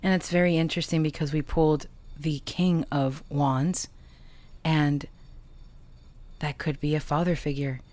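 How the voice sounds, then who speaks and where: A woman with a low voice gives a tarot reading at an unhurried pace. She speaks softly and emotionally, pausing and hesitating as she goes. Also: steady tone. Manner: slow, soft, emotional and halting. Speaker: tarot reader and channeler.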